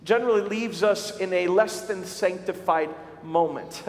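A male pastor preaching a sermon, telling stories with animated shouts for emphasis. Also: high voice, unhurried. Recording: echoey hall recording.

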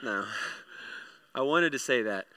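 A man's voice: medium pitch, animated, unhurried, pushed and bright. A pastor in his thirties preaching a sermon, telling a family story with many restarts and repeated words. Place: church hall with congregation.

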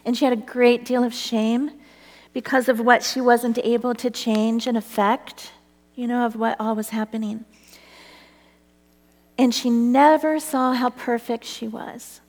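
A woman's voice: a little high, fairly even intonation, measured pace, a little mellow. Middle-aged woman, personal testimony teller, earnest and laughing, echoing hall sound. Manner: earnest, breaks into laughter as the story builds. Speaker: storyteller. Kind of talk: personal faith storytelling.

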